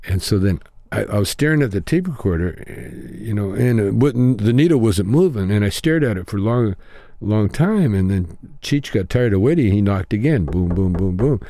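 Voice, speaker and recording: A man's voice: on the low side, animated, moderate pace, few pauses, mellow, no echo, clean studio sound. An older man, a comedian guest, telling a rambling anecdote in a laid-back way and acting out the voices in his story.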